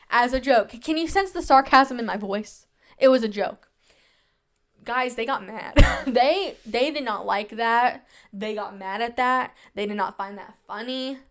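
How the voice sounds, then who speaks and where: A woman's voice: fairly high pitch, unhurried, fairly bright tone. A woman in her twenties hosting a podcast, telling stories from her own life in a chatty, self-mocking way with a sarcastic edge. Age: 20s. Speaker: podcast host. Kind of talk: casual chat.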